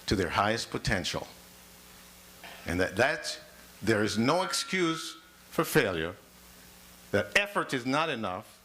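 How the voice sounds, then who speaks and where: A man's voice: fairly low pitch, bright, forceful tone, slight background noise. A man running for mayor, giving a rousing debate opening statement that builds through repeated phrases. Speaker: mayoral candidate. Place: public forum hall.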